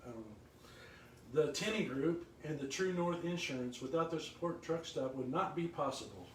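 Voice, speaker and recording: A man telling rambling tour stories in casual chat, slipping into lively quoted voices. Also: fairly high pitch, normal speed, distant mic, a little hiss or hum. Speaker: former touring musician telling road stories. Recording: echoey room, voice from off-mic.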